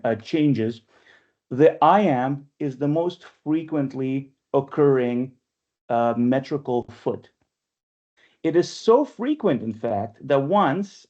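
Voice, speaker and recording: A man's voice: medium pitch, gravelly, warm tone, highs cut off. A man leading an online poetry workshop, talking in a chatty way and often checking in with "right?", heard over a video call. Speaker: workshop leader and press editor.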